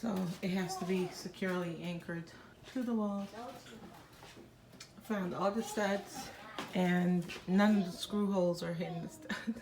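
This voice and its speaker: A woman's voice: lowish voice, fairly even intonation, measured pace, background noise. A woman chatting casually in her day-in-the-life vlog as a mom, talking to her toddler and to the camera in her home kitchen. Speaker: vlogging mom. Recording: kitchen clatter of dishes and pans.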